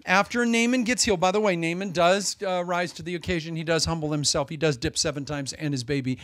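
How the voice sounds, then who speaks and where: A man preaching a Sunday sermon as pastor, swinging between loud emphasis and hushed asides. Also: fairly high pitch, fast, dry recording.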